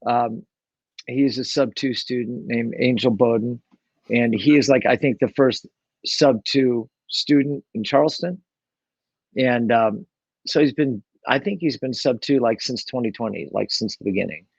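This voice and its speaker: A man's voice: medium pitch, a little slow, breathy edge, no echo, dull audio. A man telling his story as an interview guest, rambling along with lots of fillers and restarts. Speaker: guest, real estate investor. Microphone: own microphone.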